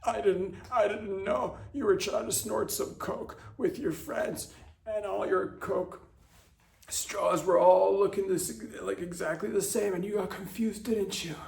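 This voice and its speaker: A man voicing an earnest, concerned father who coaxes his son gently. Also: mid-range voice, fairly even intonation, a little fast, roomy sound, natural voice. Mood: tender. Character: earnest, concerned middle-aged dad.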